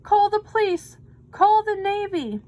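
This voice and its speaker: A blustering swim coach bellows his lines loud and forceful, as a woman reads him aloud. He barks orders like a man on the pool deck. His shouting sits high in pitch. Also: lively intonation, a little slow. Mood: panicked.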